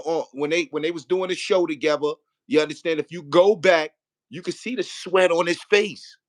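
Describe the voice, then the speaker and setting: During a casual debate, a man with a higher-sitting voice rambles, restarts his thoughts, and keeps checking whether he's understood by repeating "you feel what I'm saying." The audio is studio quality with no echo.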